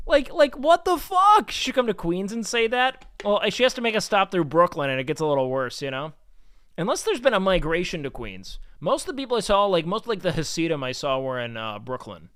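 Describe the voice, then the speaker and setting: A man chatting casually on a live stream, rambling with lots of fillers and getting animated when he rants. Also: on the high side, a little fast, clear, resonant tone, no room sound. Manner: rambling, heavy with fillers like "like" and "you know"; worked-up and animated when ranting. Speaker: streamer reading chat.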